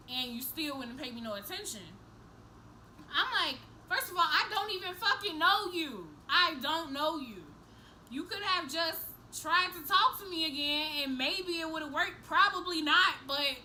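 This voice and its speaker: A young woman vlogger telling a story to the camera in a casual, animated, profane way, acting out each person's lines. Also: sits high, slight background noise, poor audio.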